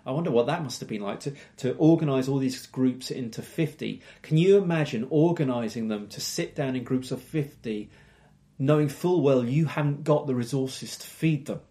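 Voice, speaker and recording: Male preacher, mid-pitched, thoughtful sermon delivery, rhetorical questions. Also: creaky, darkish tone. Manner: reflective, imaginative retelling with rhetorical questions.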